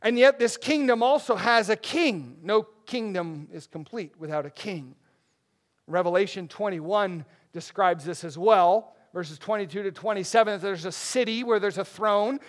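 Casting: male pastor, higher pitch, earnest emphatic sermon delivery. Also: normal speed. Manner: earnest, emphatic Bible reading with self-corrections.

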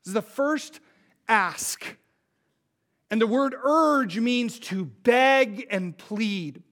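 A high-pitched man delivers a sermon with real urgency. He pleads with his listeners, sinking to a near hush before building back up to loud, emphatic peaks. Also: expressive, extremely slow. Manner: impassioned, pleading, swings from hushed to loud. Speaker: pastor.

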